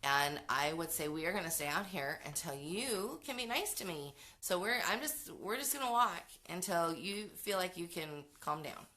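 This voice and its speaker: A woman's voice: on the low side, lively intonation, normal speed, hardly any pauses, pushed and bright. A middle-aged woman hosting a parenting show, giving frank, chatty advice in a casual talk with many fillers and restarts.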